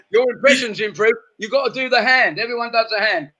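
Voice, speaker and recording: A man's voice: extremely high pitch, moderate pace, muffled recording, a crowd in the background. A man, a comedian joining a chat show over a video call, rattling off one-liners and laughing at his own jokes. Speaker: comedian guest. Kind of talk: stand-up jokes in casual chat.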